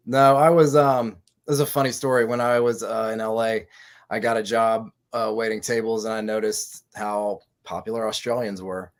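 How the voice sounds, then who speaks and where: A man from Texas, co-hosting a casual live chat and telling stories in an animated, joking way. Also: on the low side, normal speed. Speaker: co-host.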